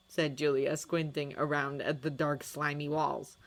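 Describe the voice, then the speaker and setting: Low-voiced woman narrating a story. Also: unhurried. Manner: expressive, dramatic storytelling. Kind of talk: fan fiction audiobook reading.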